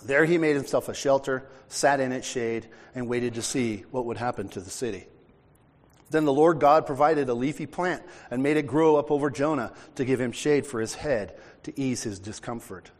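A man's voice: mid-range voice, normal speed. Man preaching in a reverberant hall. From United States. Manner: reads scripture aloud then explains it conversationally. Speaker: pastor. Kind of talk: sermon.

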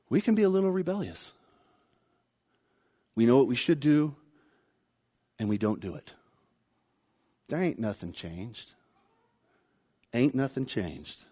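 A man delivers a sermon in a fairly high voice. He swings widely in pitch, rising for emphasis before dropping low and quiet, and he keeps repeating his key phrases in a folksy way. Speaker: pastor.

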